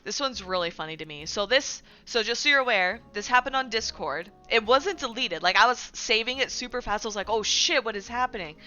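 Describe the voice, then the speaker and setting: A woman streaming, talking in a bright, forward voice that rambles with constant fillers and quick self-corrections. She sounds casual and chatty. Faint music plays softly behind her. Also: fairly high pitch, clean tone, lo-fi sound. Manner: animated and indignant when recounting drama. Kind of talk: casual livestream chat about community news.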